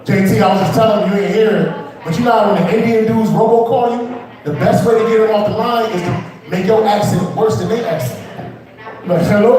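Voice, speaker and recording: A man's voice: high voice, darkish tone. Man, stand-up comedian, young, rambling crowd-work, very roomy echo, distant from mic. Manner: loose, rambling, swearing, crowd-work asides. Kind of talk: stand-up set at an open mic. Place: small comedy club.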